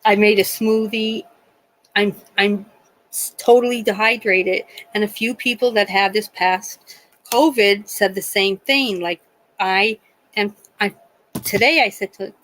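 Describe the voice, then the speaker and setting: A woman's voice: mid-range voice, unhurried, poor audio. A woman working as a nurse, chatting casually with frequent laughter while acting out bits of dialogue. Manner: chatty, animated, often laughing, acts out dialogue. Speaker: nurse and livestream host. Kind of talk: casual storytelling chat.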